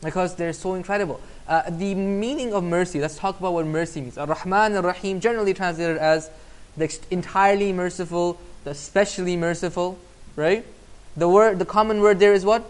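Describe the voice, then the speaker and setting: A man's voice: high-pitched, brisk, clear, resonant tone. A man giving a casual Islamic class online, conversational and often asking "right?" to check in. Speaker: Islamic teacher.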